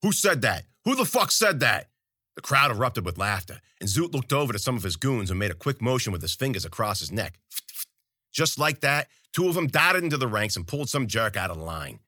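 A man's voice: fairly low pitch, sing-song, a little fast, sharp tone, no room sound, studio quality. A man narrating a story in first person, with wry, colloquial and profane delivery. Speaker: audiobook narrator.

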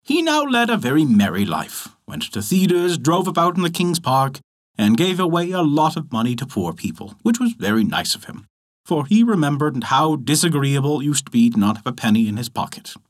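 A man narrating a folk tale as a storyteller, expressive and animated. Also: a little high, normal speed.

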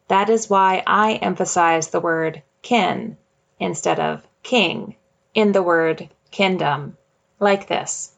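Gravelly-voiced woman podcast host. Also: lowish voice, takes it slowly. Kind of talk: scripted faith podcast talk.

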